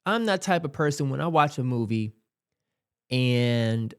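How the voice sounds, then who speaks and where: A man's voice: medium pitch, animated, a little slow, clean tone. A man hosting casual reaction commentary, rambling and exasperated, with many fillers. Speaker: host.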